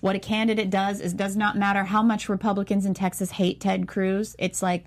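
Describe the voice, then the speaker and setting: A woman's voice: mid-range voice, flat delivery, a little fast, few pauses. A woman in a casual political talk, making blunt, emphatic points.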